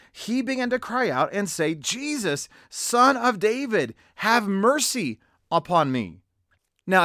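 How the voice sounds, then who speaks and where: A man preaching a sermon, animated, speeding up and slowing down with light laughs between points. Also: a little high, dry recording, studio quality. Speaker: pastor.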